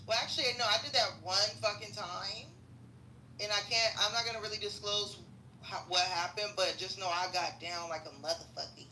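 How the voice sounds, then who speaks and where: Woman, very bright tense voice, profane comedic rant, slangy, roomy echo. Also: medium pitch, a little hiss or hum.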